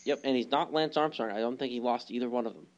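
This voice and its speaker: A man's voice: medium pitch, quick pace, lo-fi sound. Casual young man chatting baseball, lots of ums. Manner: hesitant, many ums, laughs often. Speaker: podcast co-host. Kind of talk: casual sports chat.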